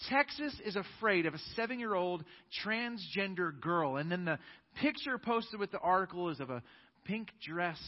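A man preaching a sermon as pastor in a church sanctuary, earnest and emphatic, building his points up with force. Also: on the high side. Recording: dull sound with long church-hall reverb.

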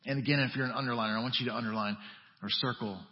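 A male pastor preaching a sermon in a conversational way, dropping to a hush and then rising to emphatic, urgent lines. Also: medium pitch, steady tone, rapid-fire. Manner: conversational preaching with wide swings from hushed to emphatic. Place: church sanctuary. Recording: dull audio with long church reverb.

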